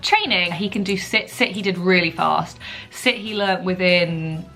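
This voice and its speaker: A young woman chatting casually in a relaxed way for her vlog, with lots of asides. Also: on the low side, measured pace, faint music behind. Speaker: vlogger. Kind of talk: casual chat.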